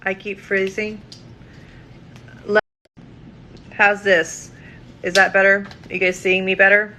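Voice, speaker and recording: A woman's voice: medium pitch, little pitch movement, slow pace, bright, forceful tone, a little hiss or hum, poor audio. A woman giving tarot readings on a livestream, casual and scattered, with frequent ums and likes and free swearing.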